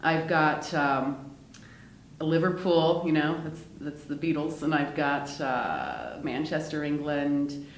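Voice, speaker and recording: Chatty woman with a lowish voice in a roomy lounge. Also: lively intonation, slow, slight background noise. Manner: chatty, laughs often, many fillers. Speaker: actress in a one-woman show. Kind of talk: casual interview chat. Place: lounge at a theater. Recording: roomy echo.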